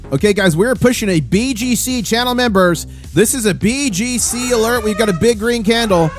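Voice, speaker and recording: A man with a fairly high voice runs a live market stream, rattling off prices in a hyped, auctioneer-like rush. Soft music plays faintly underneath him. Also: normal speed. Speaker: livestream host.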